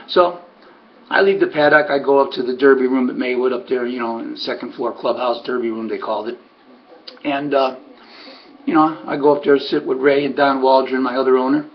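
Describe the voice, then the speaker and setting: A man's voice: mid-range voice, fairly even intonation, a little fast, muffled recording. A man who trains harness racehorses tells a story in a rambling way, full of "you know" and restarts. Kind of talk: casual spoken storytelling.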